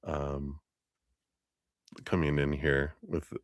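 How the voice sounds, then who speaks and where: A man's voice: very deep voice, little pitch movement, drawn-out words, no room sound, studio quality. A man hosting a live-stream tarot reading, chatty and laughing often as he talks to viewers by name. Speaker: tarot reader.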